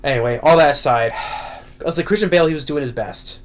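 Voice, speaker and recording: A man's voice: fairly high pitch, a little fast. A man ranting through a movie review, rambling and exasperated, with frequent restarts and repeated words.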